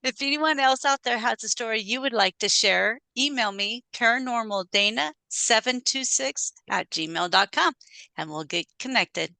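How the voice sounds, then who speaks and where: A woman podcast host with a bright, fairly high voice gives short, encouraging replies. She is recorded dry and close, with no room sound. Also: expressive, normal speed, vocal fry, dry recording. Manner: brief encouraging responses. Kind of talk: casual interview.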